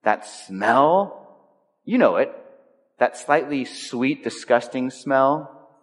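A pastor preaching a sermon to his church, animated and dramatic, swinging between loud exclamations and slow, quiet lines. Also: mid-range voice. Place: church sanctuary. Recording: long reverb of a large hall.

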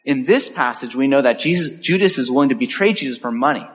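A male pastor preaching a sermon in an animated way, acting out the voices he quotes. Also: mid-range voice, fast talker. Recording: echoey hall with long reverb.

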